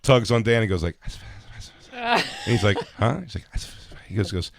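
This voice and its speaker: A man co-hosting a podcast, telling an animated story in casual chat, swearing and acting out quotes. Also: fairly low pitch, normal speed, vocal fry. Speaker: podcast co-host.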